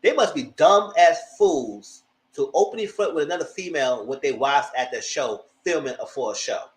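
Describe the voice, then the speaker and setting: A man giving blunt, profane live commentary on reality TV episodes, acting out cast members' lines in high voices. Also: animated, moderate pace, reverberant, rough recording. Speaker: reality TV reviewer. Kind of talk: live casual recap commentary.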